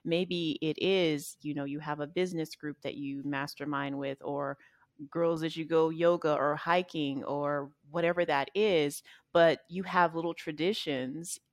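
Low-voiced woman coach, dry sound. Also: steady tone, unhurried, dry recording. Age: 40s. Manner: reflective, warm-spoken with frequent fillers. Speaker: podcast guest, life coach. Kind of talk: casual interview conversation.

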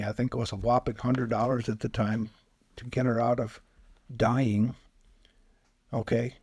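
A man, a spiritual healer, speaking as a podcast guest and telling lively anecdotes, acting out the quoted voices. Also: mid-range voice, husky, dry recording. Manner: animated anecdotes, acts out quoted voices, chuckles often. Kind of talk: casual storytelling interview.

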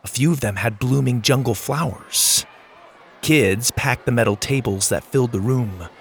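A man narrating a children's adventure audiobook, reading with expressive character voices. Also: medium pitch, normal speed, slight background noise.

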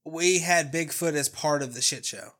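A man's voice: a little high, moderate pace, a bit bright. Laid-back man co-hosting a podcast. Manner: laid-back, swears freely, laughs often. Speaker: podcast co-host. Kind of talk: casual chat.

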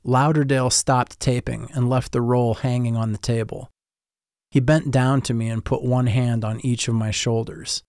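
A man narrates his story in the first person, reflective and a little wry. His voice sits at a middle pitch. The recording is dry and close, with no echo. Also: little pitch movement, moderate pace, darkish tone, clear, resonant tone.

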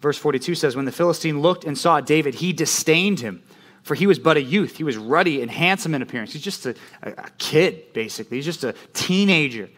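A man preaching a sermon as pastor, animated and conversational, often checking in with "right?". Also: fairly high pitch, fairly quick.

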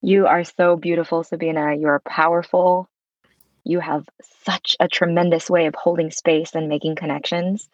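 A woman with a very low voice talks as a podcast guest, expressive and effusive and at ease with swearing. Her recording sounds dry and a little dull, like a lo-fi mic. She comes across as a coach sharing practical advice in a relaxed conversation. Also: normal speed, no echo. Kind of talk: conversational interview.

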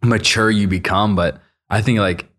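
A man's voice: fairly low pitch, fairly even intonation, normal speed, fairly bright tone. A man hosting a church podcast, who greets and interviews his guest in a friendly, upbeat way and often says "like". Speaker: podcast host. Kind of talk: casual conversation.

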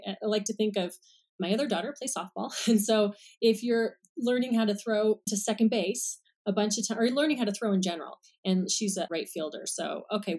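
A woman's voice: mid-range voice, a little mellow. A woman speech-language pathologist explaining treatment methods on a podcast in a casual, step-by-step way, giving everyday examples.

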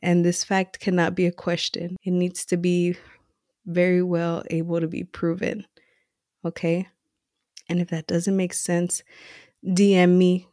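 A woman hosting a casual self-coaching podcast from home late at night, talking softly and a little out of breath, chatty and relaxed with lots of "like" and "right". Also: on the low side, unhurried, no room sound, studio quality. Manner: chatty, conversational, laughs often, says "like" and "right"; speaking softly to keep quiet. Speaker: podcast host.

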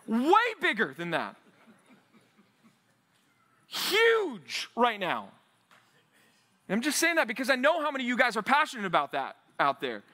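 A male pastor preaching to a men's Bible study, energetic and animated, acting out quotes and building to near shouts when he urges. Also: extremely high pitch, normal speed, long pauses. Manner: acts out biblical quotes in an animated voice. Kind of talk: sermon.

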